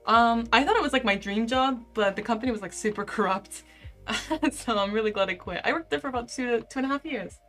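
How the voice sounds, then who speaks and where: A woman's voice: a little high, a little fast, faint music behind. Chatty young woman live-streamer. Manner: chatty and animated, heavy use of "like". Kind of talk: casual chat reading viewer comments.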